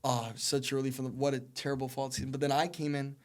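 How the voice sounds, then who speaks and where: A man's voice: mid-range voice, level tone, fast. A man in his twenties, a podcast guest, telling long earnest stories about his soccer career in a rambling conversational way. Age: 20s. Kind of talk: casual interview storytelling.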